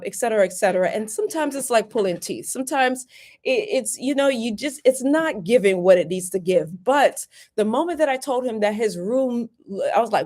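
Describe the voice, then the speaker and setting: A woman's voice: on the high side, animated, moderate pace, darkish tone. Emphatic woman giving career tips. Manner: emphatic, repetitive, chatty asides. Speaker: workplace lawyer and career coach. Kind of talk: live-streamed career advice.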